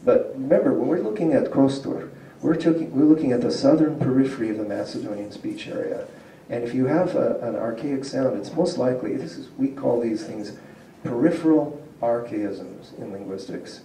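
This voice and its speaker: Male lecturer, very mellow dark voice, heard from afar in an echoey hall, chatty and explanatory. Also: mid-range voice, normal speed, slight background noise. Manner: explanatory, asks the audience questions, chuckles often. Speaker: university linguistics lecturer. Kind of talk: public lecture to a community audience. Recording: roomy hall picked up from a distance.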